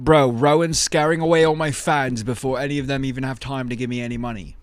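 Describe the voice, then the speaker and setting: A young man chatting casually on a stream, joking and exasperated, sometimes shouting. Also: mid-range voice, fairly even intonation, fast talker, clear, resonant tone, no echo, soft background music. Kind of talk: casual chat.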